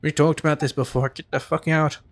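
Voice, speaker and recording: A man's voice: fairly high pitch, level tone, fairly quick, slight background noise. A man chatting and joking while playing a video game, swearing freely. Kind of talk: casual let's-play commentary.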